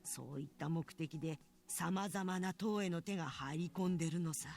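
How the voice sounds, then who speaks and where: A woman's voice: fairly low pitch, fast, a little mellow, soft background music, natural voice. A woman voicing a stern, knowing elderly grandmother in a visual novel. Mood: grave, explaining. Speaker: game character. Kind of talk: Japanese visual novel voice acting.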